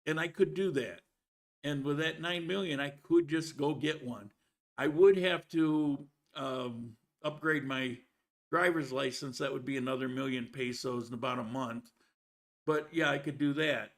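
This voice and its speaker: A man's voice: mid-range voice, measured pace. A man hosting a live stream, greeting viewers by name and chatting casually with frequent restarts. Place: living in Colombia.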